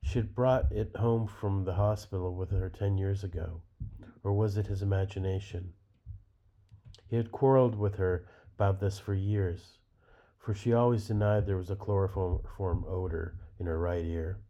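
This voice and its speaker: A man reads literary fiction aloud, measured and unhurried. His voice is low and very dark and mellow. The recording is dull and lo-fi. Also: fairly even intonation. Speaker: reader.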